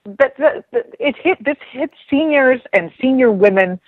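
A woman's voice: high voice, animated, normal speed, no room sound. A woman chatting casually as a guest on a radio talk show, rambling with frequent restarts. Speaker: guest commentator. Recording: dull lo-fi radio sound.

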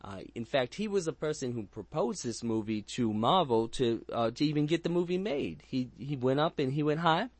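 A man's voice: medium pitch, animated, normal speed, hardly any pauses, a little mellow, dry recording. A man hosting a casual movie review chat, rambling and crude with frequent restarts and jokes. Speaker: podcast host.

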